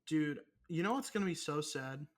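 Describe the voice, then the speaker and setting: A man's voice: on the high side, animated, moderate pace. A young man co-hosting a casual podcast, rambling and swearing, often mocking himself. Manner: profane, rambling, self-mocking. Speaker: podcast co-host. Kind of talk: casual chat.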